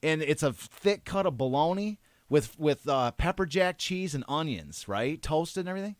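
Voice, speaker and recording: A man co-hosting a podcast, telling rambling anecdotes with many restarts and fillers, getting animated and laughing as he tells them. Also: on the high side, normal speed, no room sound, studio quality. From Detroit area. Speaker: podcast co-host. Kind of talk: casual chat.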